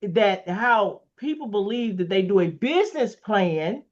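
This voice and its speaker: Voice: medium pitch, expressive, measured pace. Interview host on muffled lo-fi audio. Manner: encouraging, frequent backchannel affirmations. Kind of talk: conversational interview.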